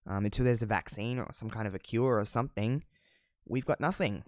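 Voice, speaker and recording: A man's voice: lowish voice, fairly quick, darkish tone, no room sound, studio quality. A man in his twenties with an Australian accent, hosting a casual solo podcast in a rambling, candid way, with slang and the odd swear word. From South Australia. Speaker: podcast host.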